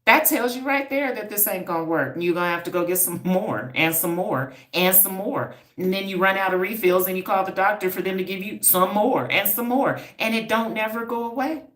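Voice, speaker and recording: A woman's voice: mid-range voice, fairly quick, hardly any pauses, fairly bright tone, echoey room. A woman hosting a casual livestream, talking straight to her viewers in an emphatic, preachy way, repeating points for effect. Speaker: livestream host, hair stylist and wellness coach.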